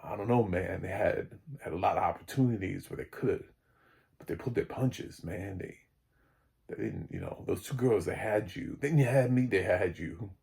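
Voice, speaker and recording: A man voicing a tough teenage boy with a very low voice, in a slow, gruff drawl. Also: dark tone, full character voice. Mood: boastful.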